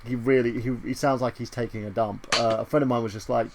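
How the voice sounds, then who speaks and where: A man's voice: medium pitch, steady tone, fast, darkish tone, slight background noise. A man hosting a casual podcast chat, crude and joking, often mimicking voices. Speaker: podcast host. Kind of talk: casual chat about movies and games.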